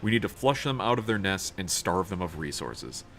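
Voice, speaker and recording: A man's voice: low voice, sing-song, moderate pace, a bit bright. A man streaming a role-playing video game, reading its text aloud in a casual, swearing tone and tripping over words now and then.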